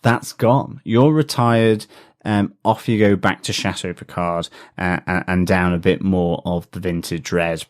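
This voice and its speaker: A man's voice: deep voice, little pitch movement, measured pace, few pauses. A man co-hosting a podcast, chatting enthusiastically with frequent fillers and restarts. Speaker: podcast co-host. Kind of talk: casual podcast discussion.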